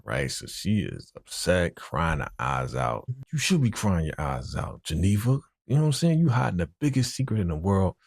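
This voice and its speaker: A man giving a casual, animated recap of a TV episode, talking in slang and filling his speech with "you know.". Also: rumbling low, no echo, clean studio sound. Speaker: TV episode reaction host.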